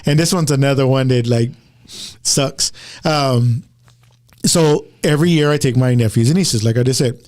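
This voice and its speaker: A man's voice: medium pitch, normal speed, a little mellow. A man hosting a casual talk show, telling a story to listeners in a rambling way, often repeating words and starting over. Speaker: podcast host.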